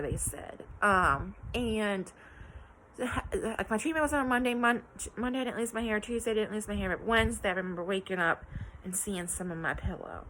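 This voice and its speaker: Young woman vlogger from West Virginia, bright voice, chatty and candid, quotes people as she tells it. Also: mid-range voice, slight background noise, low-quality recording. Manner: chatty, many ums and likes, acts out quotes. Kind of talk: casual personal vlog.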